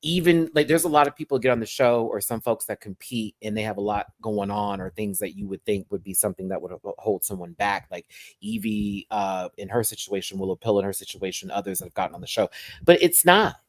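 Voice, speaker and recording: A man's voice: fairly low pitch, fairly quick, dry recording. A man hosting a casual reality-TV review rant at home, sassy and slang-heavy. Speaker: show reviewer and host. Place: at home, with a pet on his lap.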